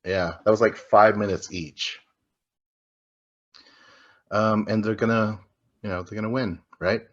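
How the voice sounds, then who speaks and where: A man's voice: on the low side, steady tone, a little slow, fairly bright tone, muffled recording. A man co-hosting a podcast, chatting casually and profanely about a reality show, joking and rambling. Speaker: podcast co-host. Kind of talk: casual podcast recap chat.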